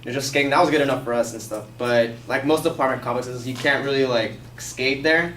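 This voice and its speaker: A man's voice: medium pitch, a little fast, fairly bright tone. A young man casually telling a personal story to a class, rambling and peppering his speech with "like" and profanity. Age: young adult. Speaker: student storyteller. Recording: echoey classroom, mic far off, faint hiss.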